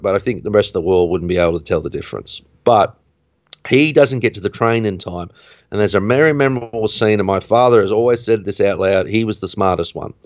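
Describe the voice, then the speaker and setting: Podcast guy with a lowish voice, chatty film recap, gets animated at the tense parts, dull dry sound. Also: dry recording. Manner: animated retelling, voice rising at tense moments. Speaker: podcast host.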